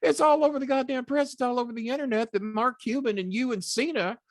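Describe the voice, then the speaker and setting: A man putting on the voice of a frantic, cursing man shouting down a phone in outrage. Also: fast talker, no echo, studio quality. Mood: outraged. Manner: excited, outraged, high-pitched.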